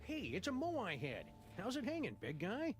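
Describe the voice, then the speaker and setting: A man's voice: sits high, huge pitch swings, normal speed, soft background music. An actor voicing a sardonic male cartoon dog detective in a game, with a dry, wry delivery.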